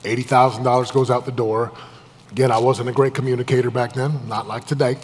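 A man giving a live motivational talk as a business coach, intense and emphatic, swinging between loud pushes and hushed, low confessions. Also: little pitch movement, brisk, slightly rough. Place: event room with a live audience. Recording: long reverb of a large hall.

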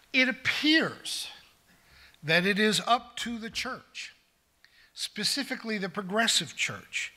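Bright-voiced older male pastor preaching. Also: high-pitched. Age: 60s. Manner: earnest, building to emphatic declarations. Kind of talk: sermon. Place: church sanctuary.

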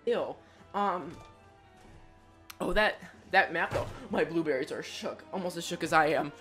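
Excitable woman gushing at a trailer. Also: lowish voice, measured pace, music in the background. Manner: gushing, excitable, loud exclamations and jokey asides. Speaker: YouTuber reacting to a game trailer. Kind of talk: excited reaction commentary.

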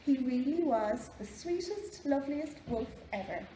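A woman with an Irish accent reading a picture book aloud to children in a library, slow and expressive. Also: sits high. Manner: slow, expressive, lively storytelling. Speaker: library storyteller. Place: library room. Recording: echoey library room, faint background noise.

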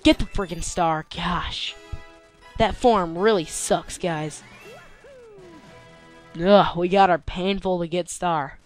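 A young man giving gameplay commentary, tired and yawning, complaining one moment and yelping with excitement the next. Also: high voice, takes it slowly, pauses often. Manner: excitable, complaining, with sudden yelps. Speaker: let's play host. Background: faint game music.

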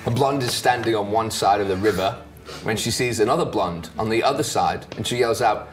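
A man's voice: lowish voice, brisk, distant mic. A young man telling jokes in casual banter, trying to hold back laughter through the punchlines. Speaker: joke teller in a laugh challenge. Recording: music bed, voice a bit off mic.

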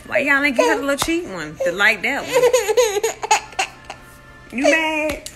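Playful sing-song mom, high and lively. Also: female voice, unhurried, music in the background. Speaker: mother livestreaming with her babies. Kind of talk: casual baby talk on a live stream. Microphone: phone live stream.

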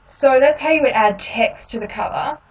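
A woman hosting a step-by-step software tutorial, explaining each click in a relaxed way with frequent ums. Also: high voice, normal speed, recorded from a distance, slight background noise, rough recording. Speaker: tutorial host.

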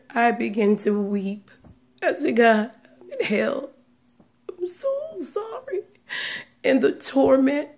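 A woman giving a personal religious testimony, speaking in a hushed, trembling way that often sinks into a whisper, close to tears. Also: high-pitched. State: tearful, on the verge of crying.

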